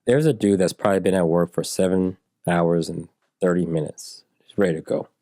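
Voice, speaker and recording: Low, mellow-voiced man telling stories. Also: fairly quick, no echo, studio quality. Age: 40s. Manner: animated storyteller who acts out dialogue in raised voices. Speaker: interview guest, software engineer. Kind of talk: storytelling in a relaxed interview.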